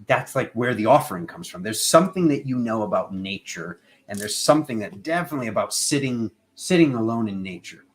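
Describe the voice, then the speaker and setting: A man giving a casual, playful tarot reading, rambling between jokes and card meanings. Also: mid-range voice. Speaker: tarot reader.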